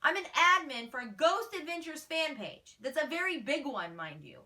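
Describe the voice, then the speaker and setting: A woman's voice: high-pitched, very animated, normal speed, bright, forceful tone, distant mic. A woman fan page admin answering fan questions in a casual vlog, blunt, feisty and exasperated.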